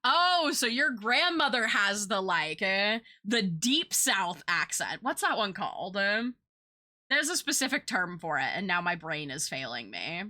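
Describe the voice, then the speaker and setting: Bright, chatty young woman streamer. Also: medium pitch, big pitch swings, measured pace. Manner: chatty, rambling, filler-heavy. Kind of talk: casual chat with viewers.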